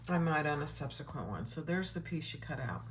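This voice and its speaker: A woman giving a casual sewing tutorial, relaxed and chatty, thinking aloud as she works. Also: low-pitched, fairly quick, noisy background. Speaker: sewing instructor.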